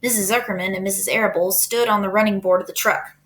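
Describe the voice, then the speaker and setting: A woman's voice: medium pitch, fairly even intonation, quick pace, fairly bright tone. A woman teacher reading a children's book aloud, casual and chatty, with fillers. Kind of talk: storybook read-aloud.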